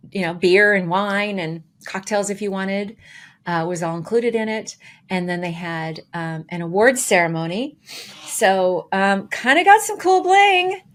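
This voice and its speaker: A woman co-hosting a podcast, casually telling a story with lively, acted-out quotes. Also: on the low side. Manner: animated, acts out quoted dialogue with voices. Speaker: podcast co-host.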